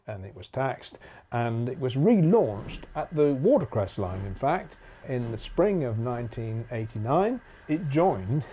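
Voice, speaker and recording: Man telling a lively anecdote, mellow voice. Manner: animated storyteller, acts out quoted voices with big pitch jumps. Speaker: bus preservation volunteer. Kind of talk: anecdotal storytelling talk.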